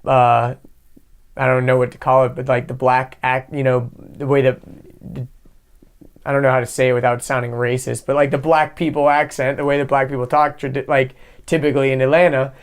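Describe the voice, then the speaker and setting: A young man hosting a podcast, talking in a relaxed, rambling way full of fillers. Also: medium pitch, a little fast, clear, resonant tone. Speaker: podcast host. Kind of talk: casual conversation.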